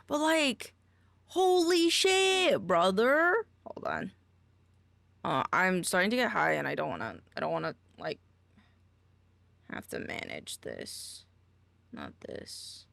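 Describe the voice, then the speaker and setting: A woman's voice: deep voice, wildly swooping pitch, a little slow, gravelly, pauses often, bright, forceful tone, dry recording. A woman streamer chatting casually, goofy and exclamatory, often swearing and trailing off mid-sentence. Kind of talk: casual live-stream chat.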